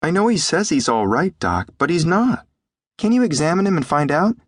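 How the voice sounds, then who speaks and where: In an audiobook, a man voices an earnest, worried teenage boy, pleading, pitched above his own natural voice so it sounds a little high. The delivery is very animated at normal speed, in a dry, studio-quality recording.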